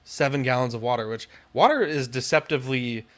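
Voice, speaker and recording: A man's voice: medium pitch, a little fast. Young man, podcast co-host, casual storytelling, frustrated and profane. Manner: exasperated, swears a lot, rants with rising outbursts.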